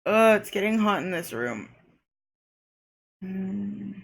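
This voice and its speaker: A young woman streams a dating game, reading its narration aloud before ranting and swearing at it in frustration as live commentary. Her mid-range voice moves expressively but slowly, with a creaky, breathy edge.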